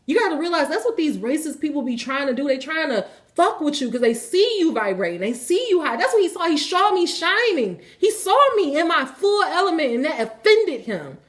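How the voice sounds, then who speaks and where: A woman hosting a spiritual reading, telling a personal story in casual, animated speech with lots of swearing. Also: high voice, a little fast, few pauses. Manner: animated, swearing freely, colloquial.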